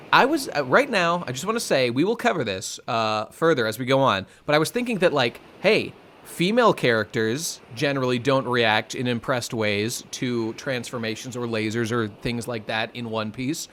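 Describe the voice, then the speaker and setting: A man co-hosting a podcast, chatting casually and excitably about a manga chapter with playful asides. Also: mid-range voice, normal speed, hardly any pauses, slight background noise. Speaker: podcast co-host.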